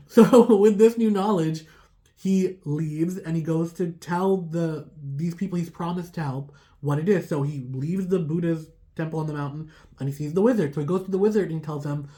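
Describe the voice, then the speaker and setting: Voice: mid-range voice, moderate pace, dark tone. Chatty storyteller full of fillers. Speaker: tarot reader. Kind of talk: casual storytelling.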